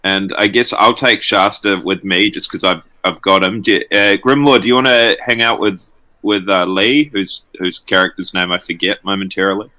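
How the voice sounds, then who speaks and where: Relaxed, bright-voiced male player. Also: sits low, normal speed. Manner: relaxed, hesitant. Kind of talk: casual chat over a game.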